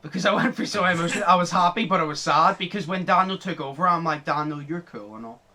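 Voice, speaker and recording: A young man hosting a podcast, chatting casually, excitable, laughing often and swearing freely. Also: on the high side, quick pace, slight background noise. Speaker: podcast host.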